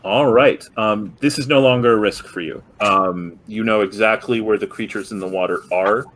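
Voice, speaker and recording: A man narrating as game master of a tabletop role-playing game, pausing often with ums and restarts. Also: lowish voice, a bit bright, a little hiss or hum, poor audio. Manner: hesitant, many ums and restarts.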